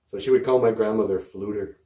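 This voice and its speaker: A man's voice: on the low side, steady tone, fairly quick, mellow, echoey room. A man hosting a language podcast, telling casual stories and laughing often as he goes. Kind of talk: casual storytelling lesson.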